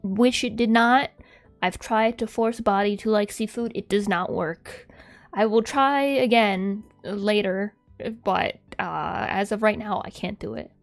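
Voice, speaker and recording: Faint music plays behind this young adult woman as she streams as a VTuber in casual live-stream chat. She speaks a little slowly in a mid-range voice, rambling, giggling often and saying "like" a lot.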